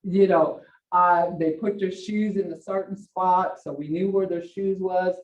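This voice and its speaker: A woman's voice: lowish voice, fairly even intonation, measured pace. An older woman teaching a language class, telling chatty stories and acting out the bossy commands she gives at home. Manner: chatty storytelling, laughs often, acts out bossy commands. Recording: distant, echoey, dull classroom audio.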